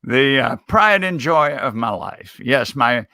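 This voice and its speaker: A man being interviewed as a speech coach, giving advice in a measured, emphatic coaching manner. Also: medium pitch, sing-song, creaky, pushed and bright, no echo, clean studio sound. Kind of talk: interview answers.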